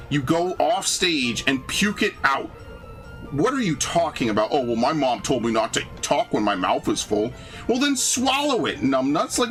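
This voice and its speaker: A young man hosting a gaming channel, chatting casually and ranting with lots of swearing and "bro.". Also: fairly high pitch. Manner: animated ranting, profane, frequent "bro" and "dude". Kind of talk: casual chat over gameplay.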